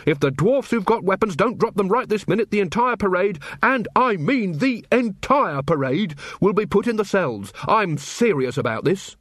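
An earnest young corporal of the city watch, voiced by a male narrator, reasoned and amiable yet firm. His voice is lifted well above the narrator's own, with a raised, clear level. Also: high-pitched, big pitch swings, normal speed, no echo, clean studio sound, voice pushed up. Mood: stern. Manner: reasoned, amiable, commanding when angry.

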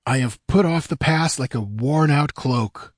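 A man's voice: unhurried, lightly acted. Publio, a jittery rich merchant as a man puts him on. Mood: nervous. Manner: fearful, pleading, higher strained voice. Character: nervous, wealthy middle-aged male merchant. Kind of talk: audiobook character voice.

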